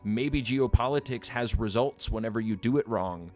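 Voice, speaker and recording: A man's voice: mid-range voice, normal speed, darkish tone, faint music behind. A man livestreaming, reading out his chat and answering it in a combative, sarcastic way, swearing freely and laughing at his own jokes. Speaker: streamer.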